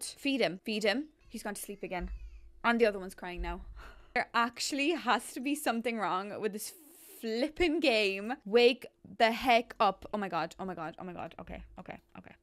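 A young woman giving live commentary on her own gameplay, pleading and exasperated, with frequent exclamations and laughter. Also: mid-range voice. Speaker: gaming YouTuber.

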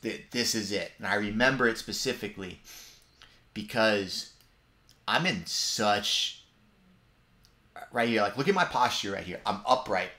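A man commenting live on footage of his own match, in quick, animated fragments. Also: on the low side. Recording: roomy echo.

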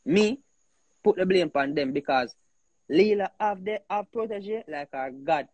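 A man with a Jamaican accent, hosting a heated casual talk, animated and emphatic, often repeating himself. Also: high-pitched, a little slow, no room sound, dull audio. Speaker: host.

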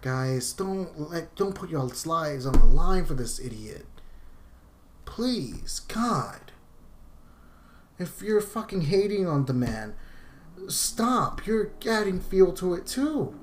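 A vlogger in the middle of a rant, swearing freely and sounding fed up. The delivery lurches from loud outbursts to quiet muttering, with heavy sighs in between. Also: medium pitch. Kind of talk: ranting vlog.

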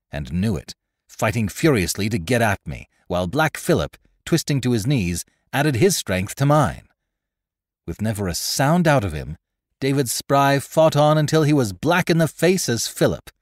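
A man narrating a classic adventure story in a scripted, expressive reading. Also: mid-range voice, dry recording, clean studio sound. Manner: expressive, lively reading with character voices. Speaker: narrator and host.

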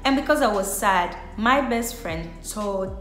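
A woman's voice: mid-range voice, expressive, unhurried, fairly bright tone, faint music behind. A young woman telling a personal story on her vlog, chatty and full of filler words. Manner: chatty, heavy use of filler "like". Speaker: vlogger. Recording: echoey room.

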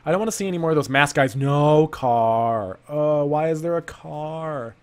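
A man doing gameplay commentary, rambling through an improvised backstory and breaking into panicky outbursts and rapid repeated commands. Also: on the high side, clear, resonant tone. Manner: playful self-talk, rambling asides. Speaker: let's play gamer.

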